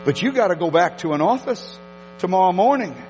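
A man preaching a sermon, telling a story with emphatic repetitions and animated delivery. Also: sits high, a little fast, long reverb tail, slight background noise, poor audio. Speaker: pastor.

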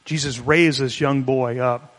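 A man's voice: medium pitch, steady tone, unhurried, a bit bright, faint music behind. Man preaching in a reverberant hall. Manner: conversational, explanatory, with restarts. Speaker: pastor. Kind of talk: sermon.

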